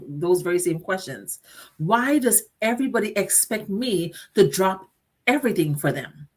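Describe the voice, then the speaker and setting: Earnest woman giving motivational talk. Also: fairly low pitch. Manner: earnest, direct, addresses listeners, lists and repeats phrases. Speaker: host. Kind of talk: motivational talk show monologue.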